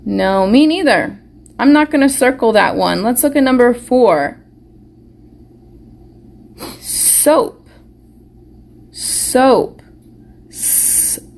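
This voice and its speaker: A woman teaching a live online phonics lesson to young children, slowly sounding out words and praising them warmly. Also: a little high, animated, vocal fry. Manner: slow, encouraging, sounds words out carefully. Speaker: preschool teacher. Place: school or home classroom, live stream.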